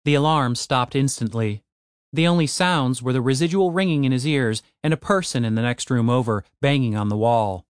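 A man narrating a comic fantasy audiobook in an expressive, wry way. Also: medium pitch, moderate pace, clear, resonant tone, dry recording, clean studio sound.

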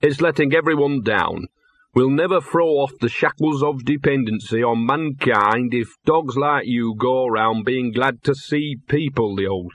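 A man voicing a scruffy, cynical, drunken little male dog in a gruff, hoarse voice, grumbling and lecturing at a slow pace. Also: medium pitch, a bit bright, no echo. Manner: grumbling, self-pitying, lecturing.

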